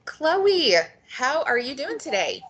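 A woman's voice: high voice, sing-song, slow pace, a bit bright, a little hiss or hum. A woman hosting a book podcast, introducing the show and chatting with a guest in an enthusiastic, chatty way. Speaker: podcast host. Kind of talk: podcast intro and casual interview.

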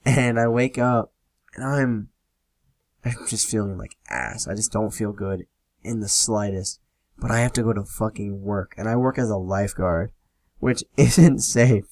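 A man's voice: fairly low pitch, measured pace, a little mellow, no echo. Profane young man telling stories, dry sound. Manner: rambling, profane and laid-back. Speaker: podcast host. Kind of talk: casual solo storytelling.

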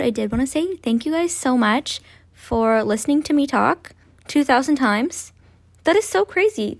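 Chatty young woman podcaster. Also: fairly high pitch. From Ontario, Canada. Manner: chatty, swearing, self-deprecating asides. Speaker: podcast host. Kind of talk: casual true-crime podcast narration.

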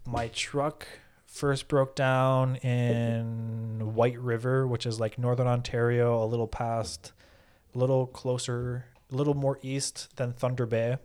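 A man's voice: medium pitch, flat delivery, slow, darkish tone, smooth. A man chatting casually as a podcast co-host, rambling through a story with lots of fillers and swearing. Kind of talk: casual chat.

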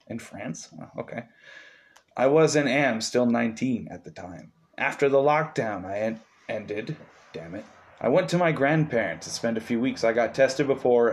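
Rich: A man hosting a casual podcast, reading a story aloud while cracking jokes and swearing. His voice sits at a middling pitch, and he keeps stopping to add quick asides. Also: expressive. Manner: joking, swears often, reads with asides. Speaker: podcast host.

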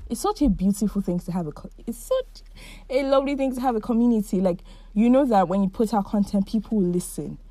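A woman in her twenties hosts her podcast alone, chatting sincerely about her feelings and often saying "like." Her mid-range voice has lively intonation and a quick pace, with no echo.

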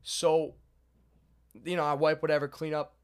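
A young man casually telling a long story to a friend, animated and swearing as he goes. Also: fairly high pitch, normal speed, smooth. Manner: animated, swearing, lively retelling.

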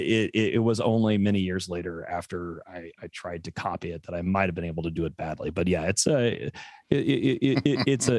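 American male podcast co-host, low-pitched, profane rambler with stammering restarts, dry sound. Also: no echo. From USA. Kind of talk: casual chat.

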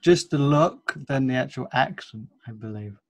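A man's voice: mid-range voice, moderate pace, no echo. A man hosting a podcast, chatting casually and joking with his guest. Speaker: podcast host. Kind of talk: casual interview chat.

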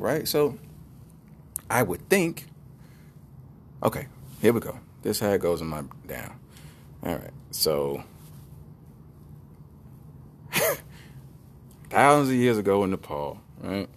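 Man, lowish voice, comedic news riffing, slangy, rambling storyteller, faint background hiss. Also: sing-song, slow, long pauses. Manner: loose, joking, rambling storyteller with slangy speech. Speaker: podcast host reacting to news.

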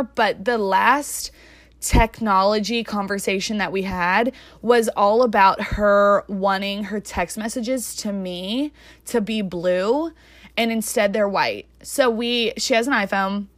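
Fast-talking young woman podcaster, dry sound. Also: mid-range voice, no room sound. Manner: fast rambling talk with many fillers. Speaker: podcast host. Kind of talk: casual solo podcast chat.

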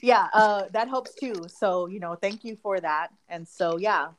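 A woman co-hosting a podcast in casual chat, talkative and quick to laugh. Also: mid-range voice, slight background noise. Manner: chatty, laughs often. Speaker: podcast co-host.

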